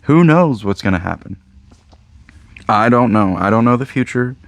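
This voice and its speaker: A man's voice: medium pitch, lively intonation, moderate pace, dry recording. A man with a Midwestern American accent, a card shop owner rambling casually to camera, joking and repeating himself. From Indiana, USA.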